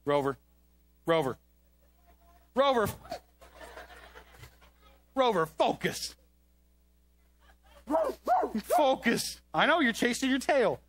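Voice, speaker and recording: A man's voice: extremely high pitch, sing-song, slow, long pauses, fairly bright tone. A man presenting a comedic kids' skit on a church stage, talking into a handheld microphone to a puppet dog in an exasperated, coaxing way. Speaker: children's ministry presenter.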